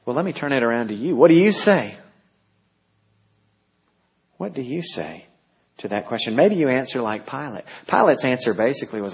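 A man preaching a sermon in a husky, somewhat breathy voice. He moves between quiet prayer and forceful scripture reading. The recording sounds dull and lo-fi. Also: mid-range voice, lively intonation, normal speed, pauses often. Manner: prays softly, then reads scripture with rising intensity. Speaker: pastor.

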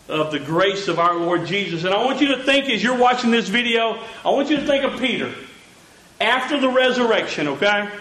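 A pastor preaching a sermon in a church, earnest and quoting scripture with frequent restarts. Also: male voice, high-pitched, pushed and bright. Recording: echoey church hall.

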